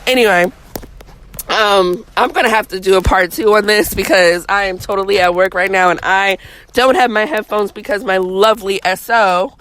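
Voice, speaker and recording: A woman casually telling a personal story from her car, chatty and animated, acting out what people said in higher voices. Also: moderate pace, poor audio. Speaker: vlogger.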